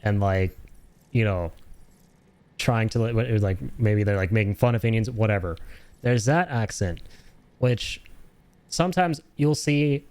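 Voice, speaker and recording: A Canadian man chats loosely over his gameplay stream, rambling from one thought to the next and laughing often. His voice sits fairly low. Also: measured pace, long pauses, a little mellow. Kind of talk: casual commentary over gameplay.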